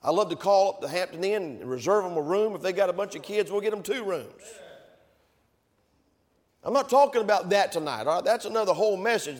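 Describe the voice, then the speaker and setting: A high-pitched man preaches from the pulpit of a church. He is emphatic and climbs to fervent peaks. His voice rings out with a long reverb from the sanctuary. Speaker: pastor. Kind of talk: sermon.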